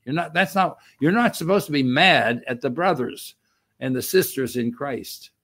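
A man's voice: mid-range voice, expressive, moderate pace, fairly bright tone, husky. An older man giving a conversational sermon as a minister, repeating phrases and using fillers. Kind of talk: sermon teaching.

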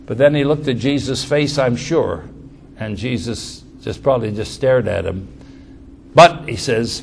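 Slow gravelly preacher man. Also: medium pitch, slight background noise. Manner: conversational, repeats words while explaining. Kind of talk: verse-by-verse sermon.

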